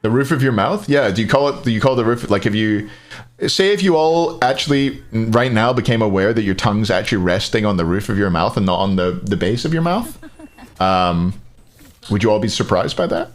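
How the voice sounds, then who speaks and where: A man's voice: on the low side, brisk. A Scottish man casting a live esports match, joking and chatting with viewers between plays. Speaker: esports caster.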